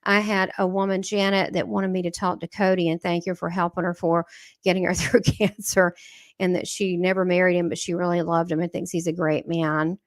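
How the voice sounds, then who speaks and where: A woman's voice: lowish voice, little pitch movement, a little fast, no room sound, studio quality. A middle-aged woman, hosting a livestream as a channeler and talking to viewers in a chatty, rambling way, acting out the dialogue she quotes. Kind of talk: casual livestream talk to viewers.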